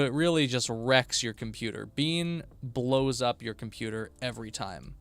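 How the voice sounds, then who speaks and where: A man's voice: medium pitch, normal speed, gravelly, no room sound. A tired man chatting casually on a live stream while building a game, often mumbling to himself.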